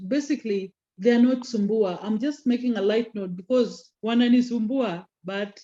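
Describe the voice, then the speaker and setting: A woman teaches a communication class over a video call, drawing out important terms and calling on students playfully. Her voice sits fairly high and sounds warm and mellow. The call audio is dull and lo-fi. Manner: code-switches into Swahili, teasing students by name; slows down and stresses key terms. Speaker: communication skills lecturer. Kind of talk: online class lecture.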